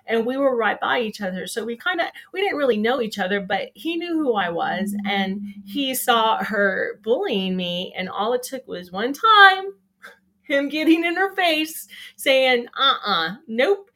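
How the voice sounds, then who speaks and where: Hosting a casual live show, a woman speaks at a measured pace in a slightly high, somewhat bright voice that is very animated. Her chatter rambles, filled with ums, and she laughs at her own jokes.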